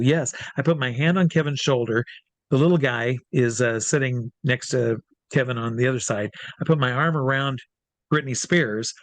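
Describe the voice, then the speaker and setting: A man, a drag performer and hypnotist, telling a lively anecdote as an interview guest, acting out the quoted voices and swearing freely. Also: mid-range voice, no room sound. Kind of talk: casual storytelling in an interview.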